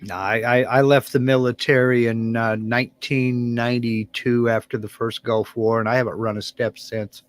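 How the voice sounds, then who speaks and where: A man's voice: medium pitch, little pitch movement, normal speed, few pauses. Laid-back joking man in his fifties. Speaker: panel guest. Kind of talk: casual chat.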